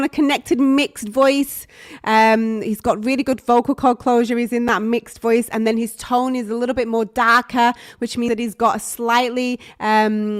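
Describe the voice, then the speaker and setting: A woman vocal coach reacting live on stream, soft-spoken and admiring, thinking aloud with fillers. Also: a little high, no room sound. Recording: dry close mic with faint music behind.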